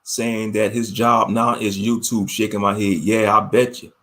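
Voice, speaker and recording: A man's voice: fairly low pitch, little pitch movement, measured pace, fairly bright tone. A man giving casual religious commentary online, slangy and preachy, often laughing.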